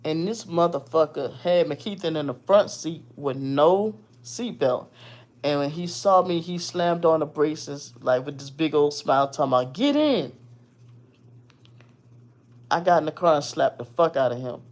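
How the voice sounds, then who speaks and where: A woman recounts a story from her own life in a loose, conversational way. She is blunt and swears freely. She keeps the telling animated throughout. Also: low-pitched, normal speed. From Virginia. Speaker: host telling a personal story. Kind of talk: casual storytelling.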